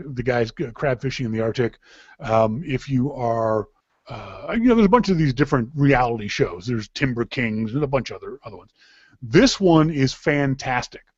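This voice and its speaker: A man's voice: fairly high pitch, a little mellow, no echo. A man from Canada hosting a live podcast in a casual, rambling way, with frequent restarts. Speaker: podcast host. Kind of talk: casual chat. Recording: dull, dry lo-fi sound.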